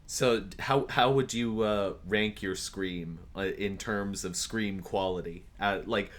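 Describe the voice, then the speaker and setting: A man's voice: fairly low pitch, a little slow, fairly bright tone, slight background noise. A man hosting a casual online interview, chatty and often laughing.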